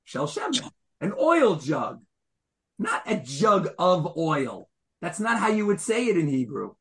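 A man's voice: sits high, a bit bright. A man teaching a Torah class. He asks his listeners questions and explains Hebrew wording as he goes.

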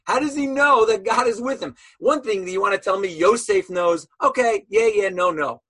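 A man's voice: high-pitched, normal speed, sharp tone, breathy edge. A man teaching a Torah lesson as a sermon, telling stories animatedly and asking rhetorical questions.

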